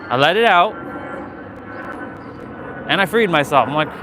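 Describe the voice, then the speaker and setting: This man's voice is on the high side and animated, at a measured pace, against a noisy background. He's live-streaming outdoors while walking, holding a gimbal camera and chatting casually. His talk is candid, motivational and peppered with swearing.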